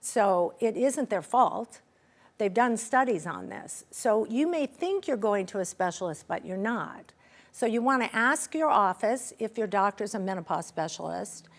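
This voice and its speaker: A middle-aged woman guest in a conversational interview, talking expressively and acting out quoted dialogue. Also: unhurried. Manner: expressive, acts out quoted dialogue with pitch jumps. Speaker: interview guest, menopause advocate.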